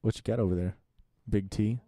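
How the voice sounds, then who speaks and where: Brisk and fairly low-pitched, a man hosts a casual podcast chat in a small home studio, and the recording is dry. His manner is lively; he jokes around and interrupts a lot.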